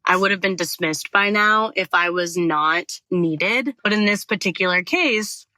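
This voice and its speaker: Woman podcaster telling a story, bright crisp voice, rambly and cursing a lot. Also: fairly low pitch, measured pace, no room sound. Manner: rambling, expressive, swears freely, self-correcting. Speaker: podcast host. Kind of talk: casual storytelling monologue.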